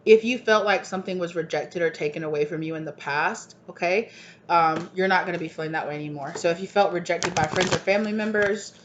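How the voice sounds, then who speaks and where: A woman's voice: on the low side, fast. A woman giving a channeled collective tarot reading, rambling and gushing and often asking "right?". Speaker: tarot reader. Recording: dull lo-fi recording, faint hiss.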